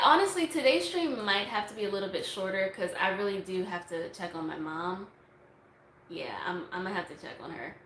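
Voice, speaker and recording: A woman's voice: medium pitch, fairly bright tone. A young woman chatting casually on a livestream, answering viewer questions in a rambling way with lots of fillers, recorded on a phone. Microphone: phone on a tripod. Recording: echoey room, faint noise.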